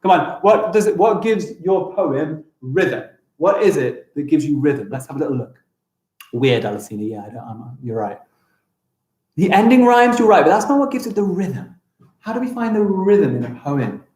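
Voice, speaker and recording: A man's voice: on the high side, expressive, a little mellow. Upbeat English male teacher, echoey room. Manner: upbeat and encouraging, sounds out words slowly. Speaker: primary school teacher. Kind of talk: live-streamed online lesson.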